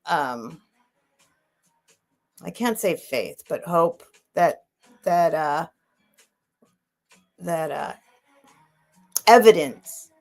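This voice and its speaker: A woman's voice: low-pitched, lively intonation, very slow, vocal fry, long pauses, darkish tone, soft background music. A middle-aged woman hosting a live sale stream, chatting casually, rambling with restarts and answering viewers' comments. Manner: rambling, restarts and trails off, reads and answers chat. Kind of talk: casual chat on a livestream.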